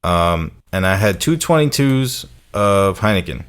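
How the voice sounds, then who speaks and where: A man's voice: fairly low pitch, animated, a little slow, clean tone. A young man co-hosting a podcast, telling a laid-back, profane story in casual chat. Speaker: podcast co-host.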